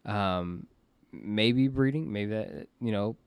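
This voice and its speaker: A man with a smooth, resonant voice hosts a casual podcast chat. He rambles along and keeps restarting his sentences. The sound is close and dry, with no room in it. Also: fairly low pitch, takes it slowly, no echo. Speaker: podcast host.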